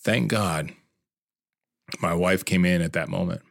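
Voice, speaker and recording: A man's voice: sits low, steady tone, measured pace, gravelly, no echo, clean studio sound. A middle-aged man narrating his own life story in an earnest, confessional way. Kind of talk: emotional personal narration.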